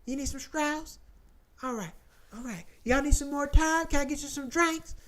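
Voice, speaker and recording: A man's voice: extremely high pitch, normal speed, fairly bright tone, voice pushed up. A man putting on a chirpy Southern diner waitress. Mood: welcoming. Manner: sing-song, welcoming customer-service patter.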